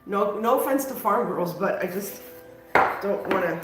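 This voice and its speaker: A woman's voice: medium pitch, expressive, measured pace, roomy sound, soft background music. Chatty woman hosting a craft livestream. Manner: chatty, self-mocking, talks to viewers while working. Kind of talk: casual live craft stream chat.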